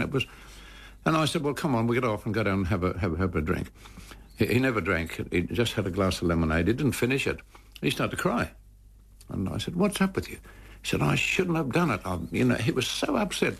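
An older man, a former cricketer recalling stories in an interview, animated and repeating words as he goes. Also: on the low side, fairly quick, gravelly, breathy edge. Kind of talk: anecdotal storytelling in an interview.

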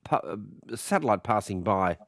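A man hosting an evening radio talk show, his voice husky and a bit hoarse, chatty and hesitant with many restarts. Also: lowish voice, animated, moderate pace, no room sound, clean studio sound. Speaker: radio host.

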